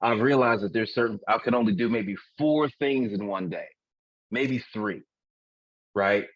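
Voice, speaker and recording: This podcast co-host is a man in his forties whose voice runs on the low side at a measured pace. He trades candid, profane comedic banter and frequently cracks himself up. The sound is dull, dry and lo-fi.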